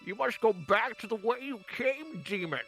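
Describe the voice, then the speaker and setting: A man voicing a big helmeted warrior in a strained, high-pitched villain voice, muffled as if talking in a can. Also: animated, moderate pace, a bit bright, soft background music, full character voice. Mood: menacing.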